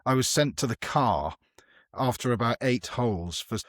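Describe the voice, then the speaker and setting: A man's voice: mid-range voice, expressive, normal speed, no echo, studio quality. A man hosting a chat podcast, a golf writer talking candidly and mocking himself. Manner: candid, self-mocking and conversational. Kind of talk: casual chat.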